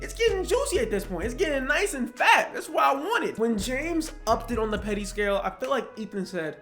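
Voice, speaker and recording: A young man giving casual, animated commentary on online drama, joking around with slang and swearing. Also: high voice, a little fast, few pauses, soft background music. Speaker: YouTube commentator.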